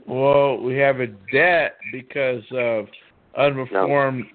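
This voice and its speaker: A man arguing on a phone chat line, speaking haltingly. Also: medium pitch, steady tone, no echo. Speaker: caller. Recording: dry, tinny phone line.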